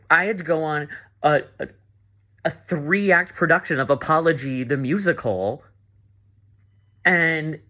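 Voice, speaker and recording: A man's voice: fairly high pitch, sharp tone. A man giving a frustrated confessional as a game contestant, swearing and repeating himself. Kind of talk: confessional rant.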